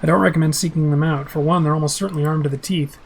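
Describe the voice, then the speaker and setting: A man voicing a composed, well-informed middle-aged woman negotiator, in measured, guarded speech. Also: on the high side, steady tone, vocal fry, a little hiss or hum, rough recording.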